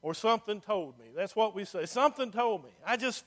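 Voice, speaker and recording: High, bright-voiced preaching man. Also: expressive, fairly quick, hardly any pauses. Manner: swings from hushed to loud and emphatic. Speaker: pastor. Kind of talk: sermon.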